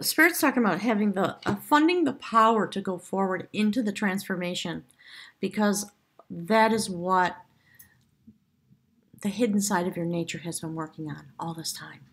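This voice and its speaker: A woman giving a spiritual tarot reading to camera, effusive and heartfelt, wandering between thoughts with soft fillers. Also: medium pitch, unhurried, husky. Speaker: tarot reader.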